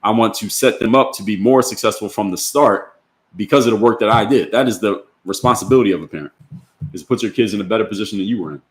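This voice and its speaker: In an opinionated livestream, a man with a lowish voice reads chat comments at a quick pace and fires back bluntly with rhetorical questions. The sound is roomy.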